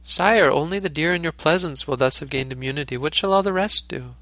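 A man voicing a noble, selfless male deer king in a storybook reading, speaking in a calm, gentle, pleading way. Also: fairly high pitch, a little fast, dry recording, close to an everyday voice.

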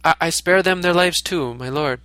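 A man's voice: a little high, moderate pace, bright, forceful tone, clean tone, dry recording, pitched above the performer's own voice. A man voicing a kindly human king in a storybook reading, in an earnest, declaring manner. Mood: granting.

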